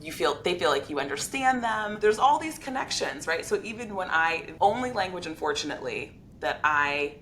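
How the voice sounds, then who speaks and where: A woman's voice: on the low side, animated, moderate pace, few pauses, fairly bright tone, slight background noise. A woman hosting a podcast interview, reflective and conversational, often checking in with "right?". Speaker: podcast host, veterinarian.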